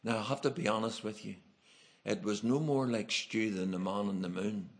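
A man's voice: lowish voice, normal speed. A man with an Irish accent preaching a sermon, telling folksy, humorous stories from his travels. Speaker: evangelist preacher. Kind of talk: storytelling sermon.

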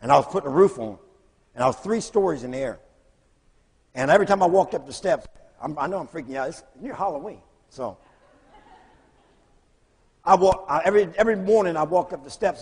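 A man preaching, telling lively stories and acting out the voices of the people in them. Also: on the high side, brisk, long pauses, slightly rough. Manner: animated storyteller, acts out voices in quotes. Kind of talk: storytelling sermon. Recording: long hall reverb.

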